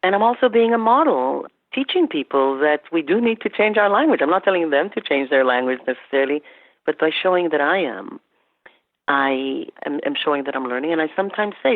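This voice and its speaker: Animated woman on a tinny line. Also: low voice, a little fast, no echo. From Canada. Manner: animated storytelling, quoting herself and clients. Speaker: guest expert on workplace incivility. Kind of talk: podcast interview. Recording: tinny phone-like line, dry.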